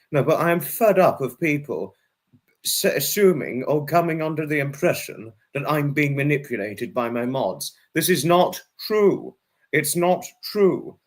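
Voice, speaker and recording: A man hosting a casual livestream, reading out comments and thanking viewers, rambling and apologetic, flaring into angry rants. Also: fairly high pitch. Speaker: livestream host.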